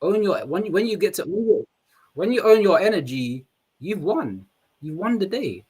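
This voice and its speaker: A man's voice: high-pitched, sing-song, normal speed, darkish tone, slightly rough, poor audio. A man co-hosting a live stream, musing reflectively and often restarting his phrases. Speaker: co-host. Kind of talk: casual live-stream chat.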